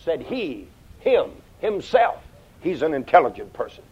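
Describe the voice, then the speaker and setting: Older preacher, lo-fi sermon. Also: male voice, on the high side, very animated, measured pace, breathy edge. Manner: folksy storytelling, swings from loud to hushed. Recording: dull lo-fi sound.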